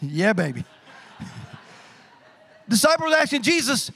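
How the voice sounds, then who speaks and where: A middle-aged man preaching a sermon as pastor, animated and humorous, telling stories with sound effects. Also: extremely high pitch, moderate pace.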